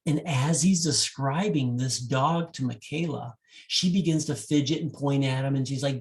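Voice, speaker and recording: A man working as a wedding DJ, speaking directly to couples and telling a love story in an animated way. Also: mid-range voice, a little slow, gravelly.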